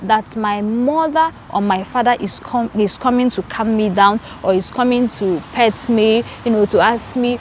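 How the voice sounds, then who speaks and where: A woman's voice: on the high side, expressive, moderate pace, few pauses, a little hiss or hum. A woman, hosting her own vlog and chatting to viewers in a garden, repeating words as she talks. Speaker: channel host. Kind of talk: casual storytelling vlog. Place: outdoors in a garden.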